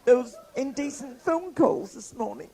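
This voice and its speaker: A man's voice: very high voice, expressive, a little slow, creaky, a little mellow. A man in a drag comedy act, playing it mock-prim and scandalised while telling bawdy jokes on a pub stage. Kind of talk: bawdy live stand-up patter. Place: pub stage, live audience. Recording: 1980s live pub recording with music.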